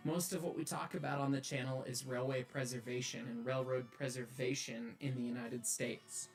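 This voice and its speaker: A man's voice: mid-range voice, little pitch movement, moderate pace, soft background music. A man telling an earnest, enthusiastic and detailed story about railways. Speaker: railway enthusiast telling of driving a steam locomotive.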